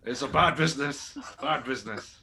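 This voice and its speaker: A man's voice: mid-range voice, normal speed, vocal fry, very noisy, lightly acted. A man doing a pompous old sea captain. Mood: blustery. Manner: blustery, pompous. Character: fussy, self-important old male ship captain.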